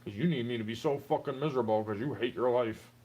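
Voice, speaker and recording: A man's voice: medium pitch, fast talker, darkish tone, slightly rough, low-quality recording. A young man talking straight to the listener in a rambling, aggrieved monologue, tossing in "bro" again and again. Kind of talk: unscripted monologue rant.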